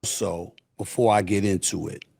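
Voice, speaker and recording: A man's voice: sits low, fairly even intonation, normal speed, vocal fry, a little mellow. A man talking as a podcast guest, blunt and emphatic, repeating himself for stress. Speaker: podcast guest, media personality. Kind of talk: casual podcast conversation.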